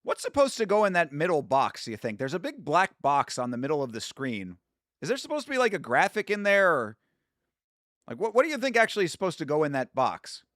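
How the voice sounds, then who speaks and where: A man hosting a watch-along from home, chatting casually, rambling, laughing at his own jokes and sometimes bursting out loud. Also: a little high, very animated, brisk, dry recording, clean studio sound. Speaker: YouTube host doing a watch-along. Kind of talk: casual live commentary.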